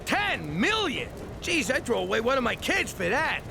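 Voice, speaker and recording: A man's voice: extremely high pitch, very animated, moderate pace, creaky, noisy background, exaggerated voice. An actor voicing a brash, wisecracking middle-aged male mobster, in an adult cartoon. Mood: pleading, greedy. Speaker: narrator and lead.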